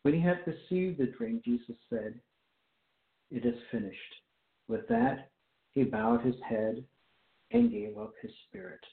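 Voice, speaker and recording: A man preaching a sermon, reading scripture aloud and then explaining it with slow, deliberate emphasis. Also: mid-range voice, lively intonation, vocal fry. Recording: echoey, phone-like tinny sound.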